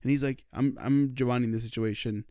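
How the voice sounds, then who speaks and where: A young man co-hosting a podcast, telling a story in casual chat, animated and swearing, laughing often. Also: medium pitch, quick pace, smooth, no room sound, clean studio sound. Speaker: podcast co-host.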